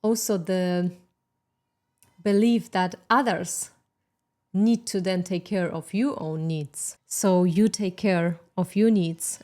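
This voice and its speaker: A woman's voice: on the low side, a little mellow. A woman hosting a self-help podcast, giving an emphatic motivational talk with sarcastic asides.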